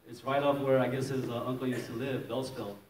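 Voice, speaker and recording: A man's voice: mid-range voice, fast. A man from Maryland, a pastor, telling his testimony in a sermon, acting out scenes and laughing often as he tells it. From Maryland, USA. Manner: lively storytelling, acts out scenes, laughs often. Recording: roomy echo, distant mic, faint noise.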